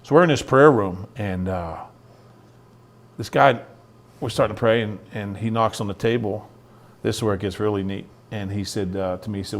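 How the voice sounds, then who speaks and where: A man's voice: lowish voice, normal speed. Earnest middle-aged man telling his story. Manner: earnest storyteller who acts out quoted dialogue. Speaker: guest, youth ministry founder. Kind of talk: personal testimony in an interview.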